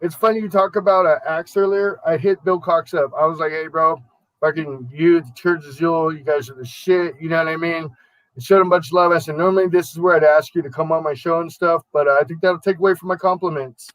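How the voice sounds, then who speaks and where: A man's voice: on the high side, fairly even intonation, brisk, a bit bright, dry recording, rough recording. A man hosting a casual radio talk show, laughing often and talking loosely and profanely. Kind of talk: casual chat.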